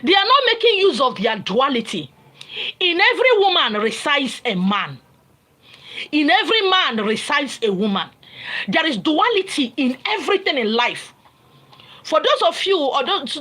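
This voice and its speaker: A Nigerian woman giving a spiritual teaching, her voice sitting a little high and swinging widely up and down. She lectures emphatically and hammers her points home through repetition. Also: sharp tone, poor audio. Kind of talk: informal spiritual teaching monologue.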